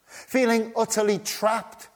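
A high-voiced man preaching slowly and deliberately, letting each phrase land. He moves between hushed, quiet passages and urgent, climbing appeals, building drama through his sermon. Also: level tone.

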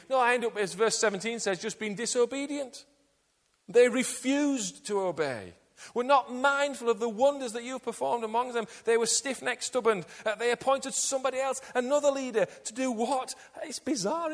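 A man preaches with a high voice that swings widely in pitch. He leans on rhetorical questions and dramatic emphasis. His words ring out with a long reverb, as if from a large church hall. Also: animated, normal speed. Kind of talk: sermon.

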